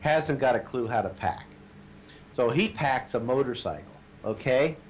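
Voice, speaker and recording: Male storyteller, mid pitch, animated and chatty, acts out the quotes, faint background noise. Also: measured pace. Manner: animated storyteller, shouts quoted lines, laughs at own stories. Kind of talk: casual anecdote telling.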